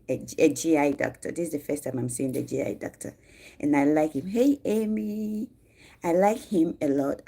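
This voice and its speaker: Slow gravelly-voiced woman from Ghana. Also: low voice, mellow. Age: 40s. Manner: chatty, greets viewers mid-talk. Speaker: livestream host. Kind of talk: casual livestream talk.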